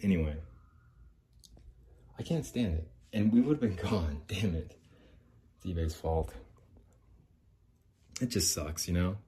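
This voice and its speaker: Grumbling deep-voiced middle-aged man. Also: animated, slow pace, long pauses, mellow, a little hiss or hum. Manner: aggrieved, rambling, swearing freely. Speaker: podcast host. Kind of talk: casual ranting monologue. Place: outdoors near an apartment complex.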